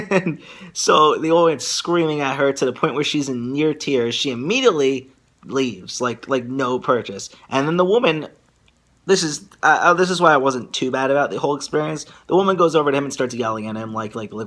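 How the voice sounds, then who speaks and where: A young man telling a casual vlog story, rambling and filler-heavy, with animated asides. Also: medium pitch, normal speed. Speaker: vlogger.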